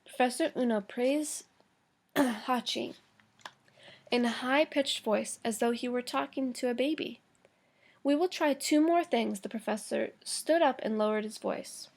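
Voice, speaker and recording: Woman teacher, higher voice, reads a chapter aloud to the class, slow, fixes her own slips. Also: gravelly. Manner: slow, careful reading with small stumbles and self-corrections.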